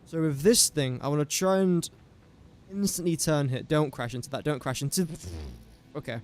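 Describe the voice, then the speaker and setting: A man's voice: a little high, normal speed, darkish tone, slight background noise. A man talking to himself in casual gameplay commentary, rambling and easily sidetracked. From England. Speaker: gaming streamer.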